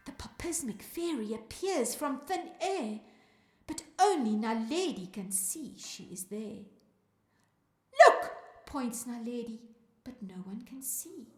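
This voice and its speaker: A high, lively woman from South Africa reads a rhyming children's story in an unhurried, sing-song way. Her pitch swings widely as she calls out to her young listeners. The room around her rings with echo. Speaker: children's music teacher reading a story.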